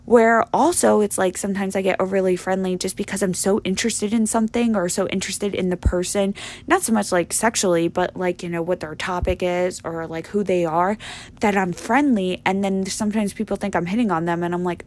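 A woman's voice: medium pitch, fairly even intonation, a little fast, a little mellow. A young woman hosting a podcast, rambling in a blunt, profane, casual monologue full of fillers. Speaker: podcast host.

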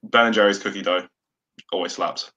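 A man with a very low yet bright, forward voice, guesting on a relaxed sports chat. He talks in a laid-back way and laughs easily. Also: a little fast, dull audio. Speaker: guest, club team member. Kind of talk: casual interview.

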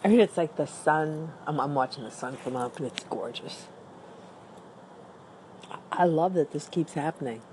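A woman's voice: sits low, moderate pace, long pauses, a little mellow, a little hiss or hum. A woman talking upbeat and rambling in a casual outdoor morning vlog, with an allergy cough. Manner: rambling and upbeat, with small restarts. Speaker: vlogger. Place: outdoors with dry leaves on the ground.

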